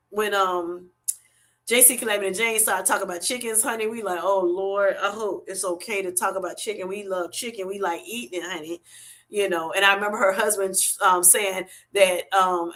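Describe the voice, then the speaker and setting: A middle-aged woman hosting a live stream, reading viewer comments aloud and chatting warmly, calling everyone honey. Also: medium pitch, fairly even intonation, moderate pace. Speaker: livestream host.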